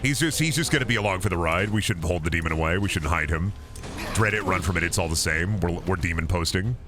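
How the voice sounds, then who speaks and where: A man's voice: low voice, fast talker, over music. A man streaming a game, rambling and joking crudely with lots of swearing. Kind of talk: casual gaming stream chatter.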